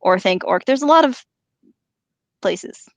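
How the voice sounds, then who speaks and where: A woman reads a novel aloud on a podcast and breaks off to joke about it. Her voice has a gravelly fry, recorded close and dry. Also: on the high side, animated, a little slow, no echo. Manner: laughing, playful. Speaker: podcast co-host and reader. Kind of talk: reading a novel aloud and chatting.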